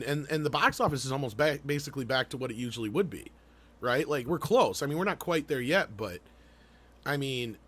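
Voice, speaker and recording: A man's voice: on the high side, fairly bright tone, slightly rough. A man co-hosting a live online talk show, chatting casually, rambling with fillers, restarts and the odd swear. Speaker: podcast co-host. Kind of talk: casual live-stream chat.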